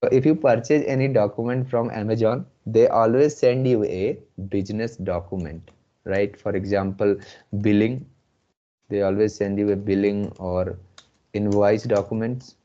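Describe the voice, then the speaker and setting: A man with an Indian English accent teaching a live online class, slowly repeating his phrases. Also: on the low side, steady tone, warm tone. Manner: slow, repeats phrases often. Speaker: instructor. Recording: muffled lo-fi audio.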